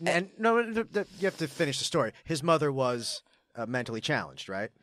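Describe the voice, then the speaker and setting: Fast-talking, sardonic male host. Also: mid-range voice, sing-song, a bit bright, no room sound. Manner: sardonic, jokey interjections. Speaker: podcast host. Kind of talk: casual chat.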